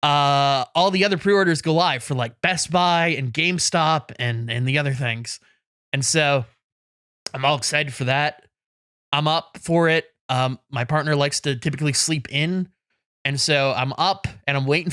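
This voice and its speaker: Bright-voiced man telling a story. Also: on the high side, moderate pace, clear, resonant tone, no room sound, clean studio sound. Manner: animated self-deprecating storytelling, laughs often. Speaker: podcast co-host. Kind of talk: casual podcast chat. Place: in Canada.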